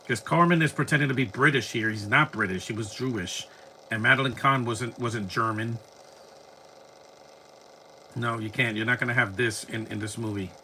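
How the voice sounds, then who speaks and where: Bright-voiced man rambling over a movie. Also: mid-range voice, moderate pace, pauses often, a little hiss or hum. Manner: rambling, chatty, frequent restarts. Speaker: movie commentator. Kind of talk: casual live movie commentary.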